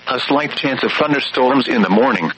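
A man's voice: mid-range voice, moderate pace, a bit bright, slightly rough, poor audio. A synthetic male voice giving an automated weather radio readout, listing readings and forecasts in clipped, evenly paced phrases.

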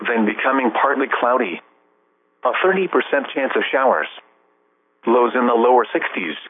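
A man reading an automated weather broadcast in a steady, measured, list-like way. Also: mid-range voice, slightly rough, no echo. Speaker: weather radio announcer. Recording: tinny weather radio broadcast with faint hum.

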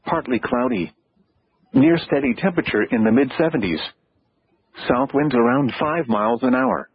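A man's voice: creaky, breathy edge, highs cut off. Synthetic male weather radio voice. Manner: clipped, evenly paced readout with abrupt pitch jumps on single words. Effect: synthetic computer voice. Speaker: automated weather announcer. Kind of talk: automated weather broadcast reading.

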